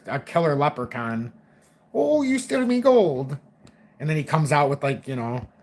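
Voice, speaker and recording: A man's voice: medium pitch, fairly bright tone. A young man giving loose, rambling, profane crypto market commentary on his own stream.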